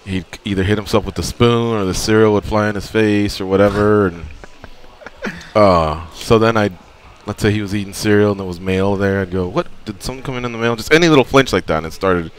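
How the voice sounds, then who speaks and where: A man who is a regular on a radio talk show, telling stories in a lively way and acting out the scenes. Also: on the low side, normal speed, slight background noise. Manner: animated storyteller acting out scenes. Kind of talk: casual radio chat.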